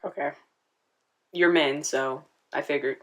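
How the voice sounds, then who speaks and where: A woman's voice: low voice, fairly even intonation, unhurried. A woman hosting a casual reaction video, chatting and talking back at the screen.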